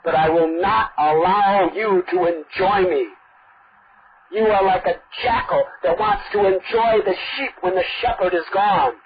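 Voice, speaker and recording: A woman's voice: lowish voice, measured pace, a loud crowd, pitched below the performer's own voice, lightly acted. A woman voicing a desperate young queen who pleads and accuses in tearful, urgent cries. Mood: furious. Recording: dull lo-fi recording.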